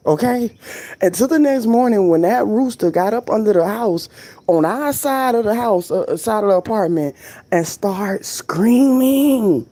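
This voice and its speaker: Mellow-voiced woman chatting casually. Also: mid-range voice, unhurried, no room sound. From Florida. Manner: chatty, animated storyteller who drifts off on tangents. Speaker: vlog host. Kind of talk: casual rambling chat. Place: at home.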